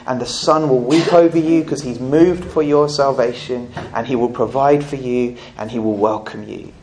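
A man's voice: a little high, darkish tone, slight background noise. A man preaching a sermon at a church service, earnest and often repeating words as he goes.

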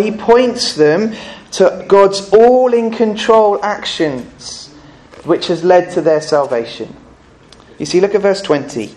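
A man with a notably high voice delivers a Sunday sermon. He speaks earnestly and conversationally, often stopping to ask his listeners questions. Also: darkish tone. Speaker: pastor.

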